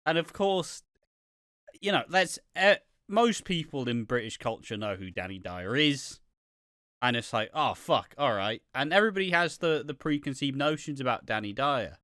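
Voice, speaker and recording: A man's voice: mid-range voice, lively intonation, normal speed, pushed and bright, clear, resonant tone, no room sound, clean studio sound. A man co-hosting a podcast in casual chat, candid and offhand with frequent swearing. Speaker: podcast co-host.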